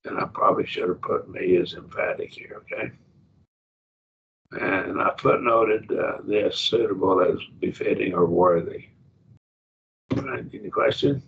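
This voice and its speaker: A man with a low, gravelly voice teaches a Bible class and works through Greek words step by step. The sound is dull and lo-fi, with a faint hiss underneath. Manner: explains Greek word by word, slow and thinking aloud.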